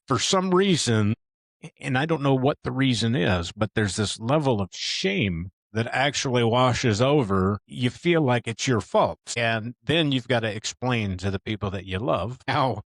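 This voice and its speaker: A man's voice: medium pitch, animated, measured pace, dry recording. A man in his fifties hosting a podcast interview, speaking earnestly and reflectively about his own experience. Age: 50s. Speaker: podcast host. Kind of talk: conversational interview.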